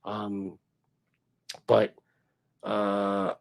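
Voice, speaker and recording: A man's voice: fairly low pitch, monotone, extremely slow, creaky, no echo. A man hosting a livestream, chatting casually with viewers in a rambling, profane way. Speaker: livestream host. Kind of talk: casual chat.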